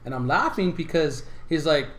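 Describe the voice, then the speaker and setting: A man's voice: on the high side, lively intonation, moderate pace, fairly bright tone, echoey room. A man co-hosting a casual sports podcast, telling crude stories and swearing freely. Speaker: podcast co-host.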